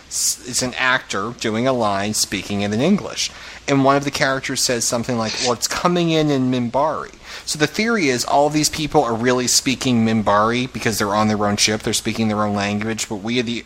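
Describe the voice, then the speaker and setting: A man's voice: mid-range voice, fairly bright tone, slight background noise, rough recording. A man hosting a casual podcast chat, rambling and laughing easily as he talks. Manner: rambling, quick to laugh, chatty. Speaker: podcast host.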